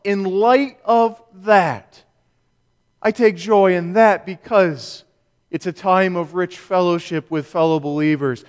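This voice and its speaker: A male pastor preaching a sermon, measured and emphatic, with rhetorical questions. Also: high-pitched, clear, resonant tone. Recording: long reverb of a church hall.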